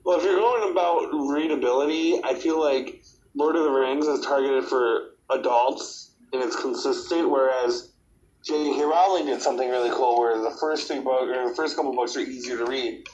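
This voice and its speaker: Hesitant podcast host, dull lo-fi sound. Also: male voice, medium pitch, fairly even intonation, moderate pace, a little mellow, a little hiss or hum. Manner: hesitant, many fillers and restarts. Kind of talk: casual podcast chat. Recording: dull lo-fi audio.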